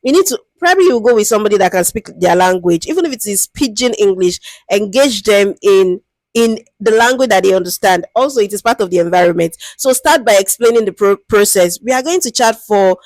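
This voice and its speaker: A woman with a Nigerian accent teaches product management fairly quickly, with no room sound on the recording. Her casual, lively explanations are peppered with "do you understand?", and she acts out interview lines in a higher, sweeter tone.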